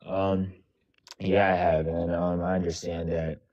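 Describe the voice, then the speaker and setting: A man's voice: low voice, level tone, measured pace. A nineteen-year-old man calling in, answering hesitantly with many fillers. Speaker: caller. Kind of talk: casual call-in chat. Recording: dull lo-fi line with faint music.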